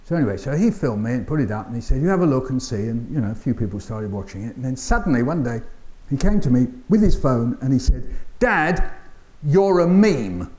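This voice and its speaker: An older man with a London accent, giving a keynote talk as an animated storyteller who acts out voices and sounds with dry humour. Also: mid-range voice, fairly quick. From England. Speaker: keynote speaker. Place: conference hall.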